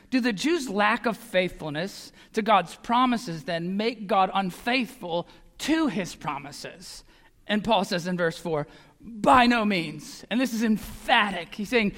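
A man preaching a sermon as pastor, earnest and emphatic, sometimes dropping to a hush. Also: high voice. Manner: earnest, emphatic, drops to a hush on key lines. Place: church sanctuary. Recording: long hall reverb.

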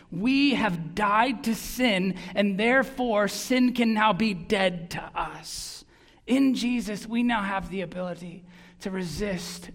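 A pastor preaching a sermon in an earnest, emphatic way, often repeating words for stress. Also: mid-range voice. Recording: long reverb of a large hall.

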